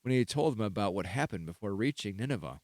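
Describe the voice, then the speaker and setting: A man's voice: on the low side, expressive, fast, a little mellow, no echo, studio quality. A man hosting a casual podcast, running the game and laughing often. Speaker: podcast host. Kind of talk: casual chat.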